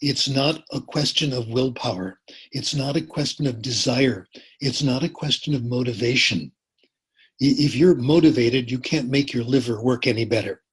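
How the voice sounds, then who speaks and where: Very husky older man lecturing. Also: mid-range voice, low-quality recording. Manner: deliberate, repeats phrases for emphasis, dry humor. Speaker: language education lecturer. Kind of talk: informal lecture.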